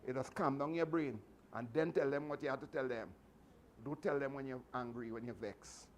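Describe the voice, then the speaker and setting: This martial arts instructor talks at a medium pitch and an unhurried pace, with faint hiss or hum on the recording. He offers his students fatherly, earnest encouragement, repeating himself and starting sentences over many times.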